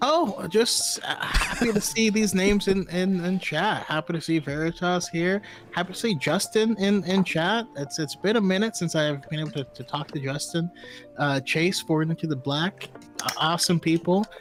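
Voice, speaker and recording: A man's voice: high-pitched, moderate pace, faint music behind. A man co-hosting a casual podcast stream, laughing often as he talks. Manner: giggly, animated, laughs often. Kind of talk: casual livestream chat.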